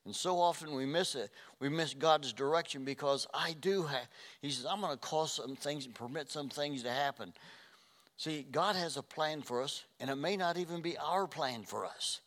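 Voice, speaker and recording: A man's voice: mid-range voice, moderate pace. Older man preaching in a reverberant hall. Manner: earnest, swings from hushed to loud. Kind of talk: sermon.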